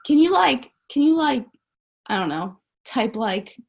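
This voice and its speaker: A woman's voice: fairly high pitch, big pitch swings, measured pace, vocal fry. A woman coaching her network marketing team over a live stream, upbeat and emphatic, often saying "like" and "guys".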